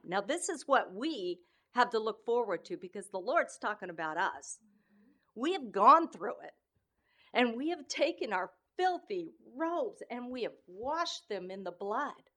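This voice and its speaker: A woman giving an informal sermon, earnest and emotional, speaking in halting phrases with many restarts between scripture readings. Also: a little high, big pitch swings, bright, forceful tone. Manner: earnest and emotional, often tearful in tone. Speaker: speaker sharing a devotional message.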